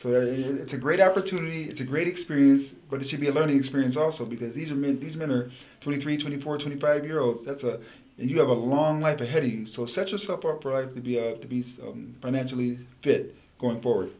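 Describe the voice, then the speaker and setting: A middle-aged man, a former pro football player, speaks as an interview guest at a brisk pace. He rambles and restarts phrases as he goes. His voice carries a roomy echo. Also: mid-range voice, steady tone, a little mellow. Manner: rambling, repeats words as he restarts. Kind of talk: casual interview storytelling.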